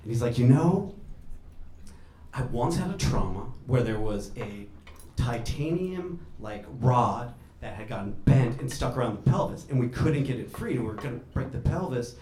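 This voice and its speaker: A man in his thirties, a doctor, telling a story on stage to a live audience, animated and laughing as he acts out the people in it. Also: mid-range voice, moderate pace, slight background noise. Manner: animated, laughing through the telling, acting out others. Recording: echoey room with a crowd.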